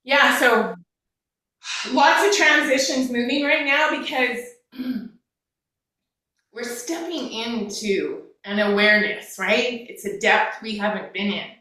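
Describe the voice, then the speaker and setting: A woman's voice: fairly high pitch, slow, bright, forceful tone, recorded from a distance. A woman, a life coach and counselor, talking candidly and emotionally in casual conversation, swearing now and then. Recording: echoey room, away from the mic.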